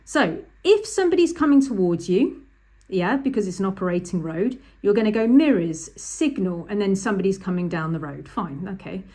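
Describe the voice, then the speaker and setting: A woman teaching driving over a set of drawings, her voice sitting in a middle pitch. She talks in a chatty, emphatic way, leaning on each key point and repeating it. It comes across as a lesson recorded close to the mic. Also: expressive, moderate pace, warm tone. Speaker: driving instructor. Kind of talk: instructional talk over drawings.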